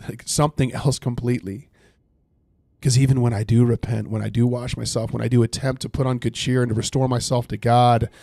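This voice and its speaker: A man leads a livestreamed Bible study, earnestly reading scripture aloud, explaining it, and occasionally thanking viewers in the chat. His mid-range voice is mellow with vocal fry, and the recording has no echo.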